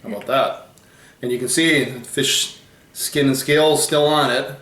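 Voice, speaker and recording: A man's voice: medium pitch, fairly even intonation, moderate pace, a bit bright, reverberant. A man hosting a food tasting video in casual chat, explaining facts he reads off the packaging. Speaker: host of a food challenge channel.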